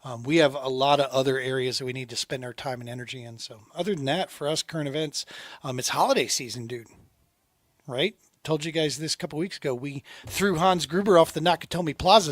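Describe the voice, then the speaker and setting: A middle-aged man hosting a podcast, talking in a relaxed, rambling way and calling his guest "dude" and "man". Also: on the high side, fast talker, no echo, studio quality. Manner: laid-back, rambling, says dude and man often. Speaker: podcast host. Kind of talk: casual interview chat.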